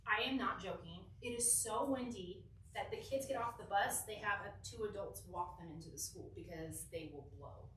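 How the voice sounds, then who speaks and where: A young woman from Southern California telling a lively, giggly personal story to a church youth group, acting out the quotes. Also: medium pitch, normal speed, hardly any pauses, recorded from a distance, a little hiss or hum. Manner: animated, giggly, acts out quotes. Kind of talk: casual storytelling talk. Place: church hall. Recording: echoey hall, mic from afar.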